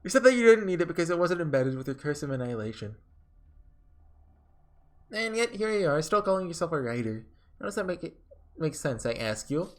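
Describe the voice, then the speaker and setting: A man's voice: on the high side, very animated, fairly quick, long pauses, pitched above the performer's own voice. A man reading aloud as a stern, motherly female warrior from a game who shields children. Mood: scolding.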